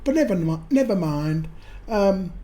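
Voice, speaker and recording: A woman gives a casual, chatty voice-over, hoarse and raspy after losing her voice, hesitating with the odd um. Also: mid-range voice, lively intonation, unhurried, warm tone. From Australia. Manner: chatty, self-deprecating, hesitant with ums. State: hoarse, nearly lost voice. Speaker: vlogger exploring abandoned houses. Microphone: voice-over recorded separately. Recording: voice-over with music bed.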